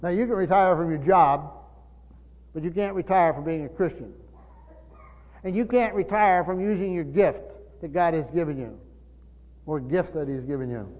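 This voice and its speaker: A man's voice: a little high, moderate pace, pauses often. An older man preaching a sermon, teaching earnestly with frequent restarts and repeated words. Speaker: pastor. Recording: dull lo-fi sound with long church reverb.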